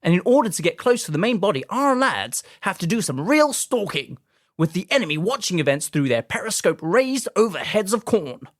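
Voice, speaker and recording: Man doing a 1930s newsreel announcer, high, loud, transatlantic, dry sound. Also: big pitch swings, moderate pace, no echo. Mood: announcing. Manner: old-fashioned transatlantic announcer delivery. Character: 1930s newsreel narrator, male, brisk and upbeat.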